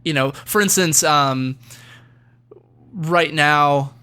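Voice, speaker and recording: A man's voice: a little high, takes it slowly, bright, forceful tone, clear, resonant tone. A man talking casually as a guest voice actor, rambling with many restarts and frequent laughs. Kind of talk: casual podcast interview.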